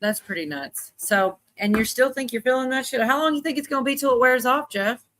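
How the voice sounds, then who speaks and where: A woman's voice: high-pitched, brisk, fairly bright tone, a little hiss or hum. A woman hosting a live stream, chatting casually and reading viewer comments aloud. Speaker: stream host.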